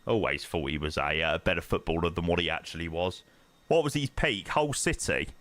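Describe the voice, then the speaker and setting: Chatty flight-sim streamer, lively pitch. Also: male voice, fairly quick, no room sound. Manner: chatty, reads chat aloud, slangy banter. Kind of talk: casual live-stream chat.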